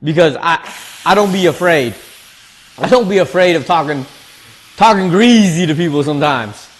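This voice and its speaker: Laid-back slangy man, slightly high voice. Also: expressive, normal speed. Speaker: streamer. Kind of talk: casual chat while eating.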